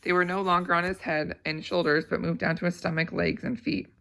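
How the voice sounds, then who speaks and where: Woman reader, novel read aloud, steady, gravelly, small slips. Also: on the low side, brisk. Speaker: audiobook reader.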